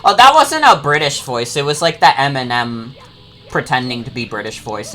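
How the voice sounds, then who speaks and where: A woman's voice: extremely low pitch, expressive, moderate pace, fairly bright tone, a little hiss or hum. A woman streaming a game, chatting and joking casually with her chat and swearing freely. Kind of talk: casual gameplay commentary.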